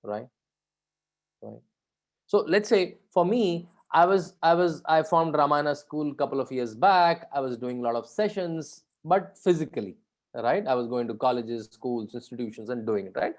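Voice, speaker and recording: A man's voice: on the high side, expressive, moderate pace. A man leading an online session for students, talking conversationally, asking the audience questions and often adding "right?". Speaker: guest speaker leading a session. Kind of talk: interactive talk to students.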